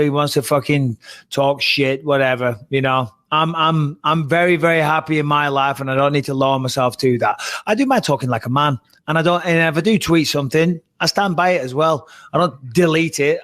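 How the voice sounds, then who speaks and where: A man co-hosting a casual talk show, telling a story in a blunt way and swearing freely. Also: fairly high pitch. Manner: blunt, swears, animated retelling. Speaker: podcast co-host. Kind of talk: casual chat.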